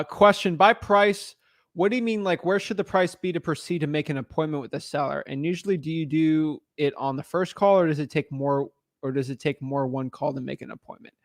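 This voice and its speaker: Energetic man hosting a live Q&A. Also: on the high side, no echo, clean studio sound. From United States. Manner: energetic, repeats himself, many fillers and restarts. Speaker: livestream host answering viewer questions. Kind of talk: casual live Q&A.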